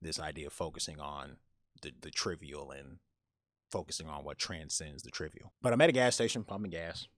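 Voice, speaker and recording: A man telling a personal story on a podcast, animated and often repeating words as he goes. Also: extremely low pitch, a little fast, no echo, studio quality.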